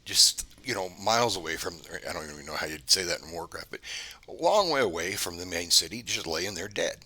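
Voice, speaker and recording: A man speaks in a low, husky voice with a sharp, edgy tone. He tells a story to camera in a casual, rambling way, doubling back and restarting his sentences as he goes. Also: expressive, brisk. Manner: meandering, conversational, many restarts. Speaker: channel host.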